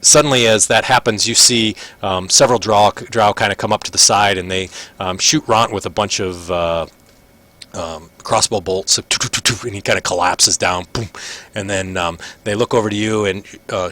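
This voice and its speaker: A man running a tabletop game, narrating the scene in a casual, filler-heavy way. His voice sits fairly low but sounds bright and forceful. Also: steady tone, moderate pace. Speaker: game master.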